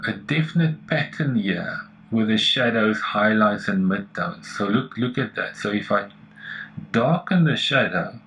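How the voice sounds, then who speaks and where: A man's voice: mid-range voice, lo-fi sound, a little hiss or hum. Eager man talking through photo edits. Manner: enthusiastic, thinks aloud while editing. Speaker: photography tutor. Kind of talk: screen-recorded editing tutorial.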